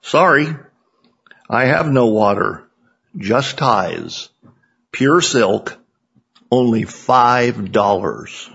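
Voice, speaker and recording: Joke figure: a patient, polite little old tie seller, put on by a man, slow-spoken and husky. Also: mid-range voice, muffled recording, full character voice. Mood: calm. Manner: calm, polite.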